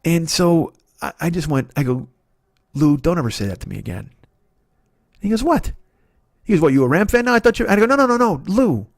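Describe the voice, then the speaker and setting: A middle-aged man rambles through a personal story, cursing freely and stumbling over restarts. His voice sits a little high for a man, and the sound is dry and close. He talks in a loose, unscripted way, like a host alone at the mic. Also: sing-song, gravelly, dry recording. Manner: rambling, profane, halting restarts. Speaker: podcast host. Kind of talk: casual storytelling monologue.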